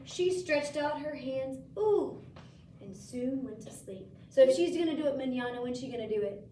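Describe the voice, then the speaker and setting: A woman's voice: sits high, a little fast, a little hiss or hum. Woman teacher reading aloud, echoey far mic. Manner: gentle questioning, lively story voices. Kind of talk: reading a picture book aloud to a child. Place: school room.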